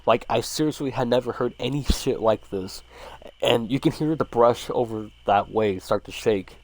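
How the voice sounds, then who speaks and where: A man's voice: medium pitch, moderate pace. A man casually reading a horror story aloud, swearing freely and stumbling over words now and then. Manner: casual, profanity-laced, stumbles and restarts.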